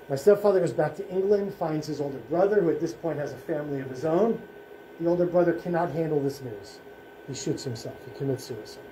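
A man, a rabbi, giving a solemn presentation at a school in short, measured phrases. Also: fairly high pitch, dark tone, slight background noise. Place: school room. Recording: echoey room, faint ambience.

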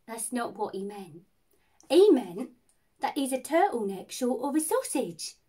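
A woman's voice: high voice, huge pitch swings, moderate pace, a little mellow. A woman voicing a ditzy, cheerful young woman, telling a comic story in a giggly, bubbly way. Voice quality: giggly, wide-eyed and bubbly. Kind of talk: comic character monologue.

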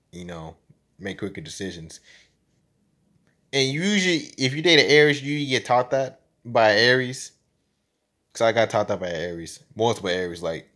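A young man talking casually to his camera in a rambling, slangy vlog, laughing often and swinging between loud bursts and low mumbles. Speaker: vlogger.

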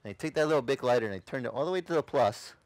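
A man's voice: medium pitch, expressive, very fast, dry recording. Man preaching his own story, pastor, acts stuff out, dramatic, dry close mic. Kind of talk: testimony sermon. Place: outdoor beach service.

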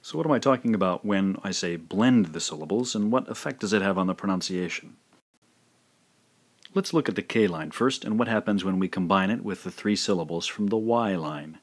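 A man teaching a language lesson, carefully pronouncing syllables one by one in a scripted instructional narration. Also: low voice. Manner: slow, careful syllable-by-syllable pronunciation drills.

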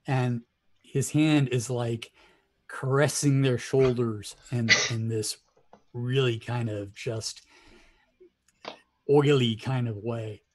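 A man narrating as game master of a tabletop game, with hesitant pauses and many fillers. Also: medium pitch, darkish tone. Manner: hesitant, many ums and likes.

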